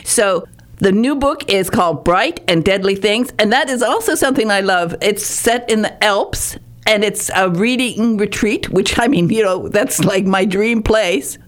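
A woman's voice: medium pitch, unhurried. A woman host who gushes about her guest, often stumbling and restarting her sentences. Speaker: podcast host. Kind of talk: warm chatty interview.

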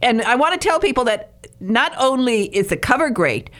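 An interview host speaks warmly effusive and full of praise. Her voice sits a little high for a woman. She talks in a loose, casual chat. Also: expressive, moderate pace. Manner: effusive, complimentary.

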